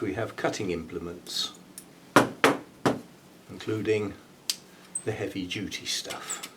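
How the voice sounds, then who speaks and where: A man's voice: lowish voice, recorded from a distance. A man hosting his own channel, talking casually through a hands-on job, musing aloud and chuckling at himself as he goes. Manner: chatty, muses aloud while working, chuckles at himself. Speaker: orchid grower and channel host. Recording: faint background noise, speaking away from the mic.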